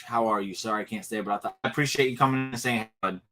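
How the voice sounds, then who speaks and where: Man, wrestling recap host, bright forceful voice, animated and casual, home stream mic. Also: fairly low pitch, very fast, soft background music. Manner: excited, animated storytelling with laughs and asides. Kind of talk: casual solo recap talk.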